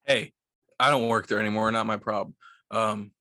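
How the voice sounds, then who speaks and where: A young man co-hosting a casual podcast, telling stories with lots of swearing and animated quoting, sounding a bit tipsy. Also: on the low side, normal speed, dry recording, studio quality. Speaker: podcast co-host. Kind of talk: casual chat, storytelling.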